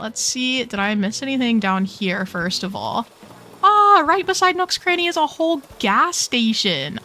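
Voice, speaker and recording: A woman's voice: mid-range voice, bright, forceful tone. A young woman hosting a casual video game tour, gushing and playful with lots of slang. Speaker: host touring game islands. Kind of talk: casual gameplay commentary.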